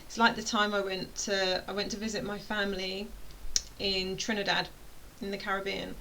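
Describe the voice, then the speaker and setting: In a chatty, casual explainer, a UK online course tutor rambles playfully and keeps cutting herself off. She speaks at normal speed in a medium, flat voice that sounds pushed and bright, over poor audio with faint background hiss.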